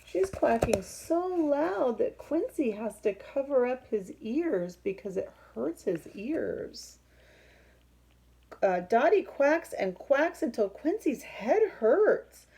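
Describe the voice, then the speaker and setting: Husky, slow-paced woman reading to children with a lively, animated lilt. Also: sits high, poor audio. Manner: explaining, asking the listener questions. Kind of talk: children's picture-book read-aloud.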